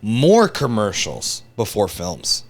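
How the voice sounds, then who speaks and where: A man's voice: on the low side, huge pitch swings, slow pace. A man hosting a podcast, reading out entertainment news in a laid-back, joking way and swearing casually.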